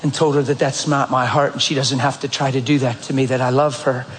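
A male pastor preaching a sermon in a church, telling stories in a direct, animated, conversational way. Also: mid-range voice, a little fast, a little hiss or hum. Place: church sanctuary. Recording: echoey church hall, faint ambience.

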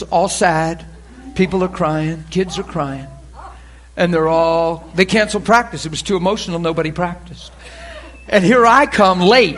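A man preaching a storytelling sermon from the pulpit. His voice sits high and bright. He talks with animated swings, dropping low and hushed, then rising into laughter and shouts. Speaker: pastor. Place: church sanctuary pulpit.

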